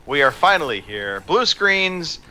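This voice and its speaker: A man's voice: on the high side, very animated, measured pace, noisy background. A man hosting a podcast in upbeat, teasing casual chat. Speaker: podcast host.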